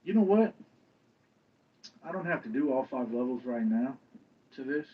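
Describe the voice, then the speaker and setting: A man's voice: medium pitch, lively intonation, moderate pace, breathy edge. A man joking around with a friend on a livestream, teasing him in a casual tone. He sits far from the mic, so his voice comes through distant and dull. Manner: teasing, needling the host. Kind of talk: casual banter.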